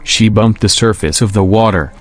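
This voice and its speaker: Storybook narrator, man, low and measured, faint music bed.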